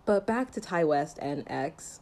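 A woman casually recapping a horror film, chatty and animated with jokey asides. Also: low voice, unhurried. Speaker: film reviewer.

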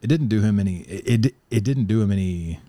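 A man's voice: on the low side, lively intonation, fairly quick, mellow, no room sound. A man in casual chat, rambling and profane, laughing often and telling stories about life in China. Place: lives in China.

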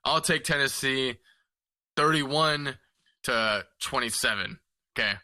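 Measured man with a sharp, dry voice. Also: medium pitch, dry recording. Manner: measured, hedging with fillers. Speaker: podcast co-host. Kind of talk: casual sports chat.

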